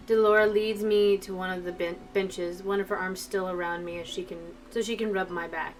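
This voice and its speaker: Her voice is lowish and fairly even, moving at a normal speed with few pauses. She's streaming while reading a visual novel, stopping for emotional chats with viewers, heard from afar over soft background music.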